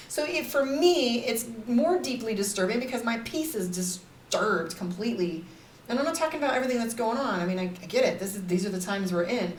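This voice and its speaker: A woman's voice: on the high side, animated, fairly quick. Woman, life coach type, chatty live-stream host; candid and rambling, faint room noise behind her. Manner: candid, rambling, frequent "like" and "right?". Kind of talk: casual live-stream talk to viewers. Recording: roomy echo, somewhat far from the mic.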